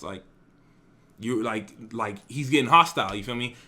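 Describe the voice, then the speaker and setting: Animated young man with a bright, forceful voice. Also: medium pitch, normal speed. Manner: animated, profane, slangy. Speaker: vlogger. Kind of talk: casual storytime.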